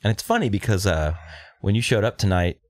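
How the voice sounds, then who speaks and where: Low-voiced man hosting a podcast. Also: brisk, dry recording, studio quality. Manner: relaxed, rambling, filler-heavy. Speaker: podcast host. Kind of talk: casual chat.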